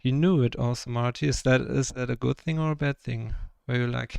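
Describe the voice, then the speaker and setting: A man's voice: mid-range voice, fairly even intonation, brisk, gravelly, hardly any pauses, darkish tone, smooth, no room sound. A young man from Germany with a German accent, chatting casually and rambling with lots of fillers while he paints live on stream. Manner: rambling, filler-heavy, self-conscious about his English. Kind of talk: casual livestream chat.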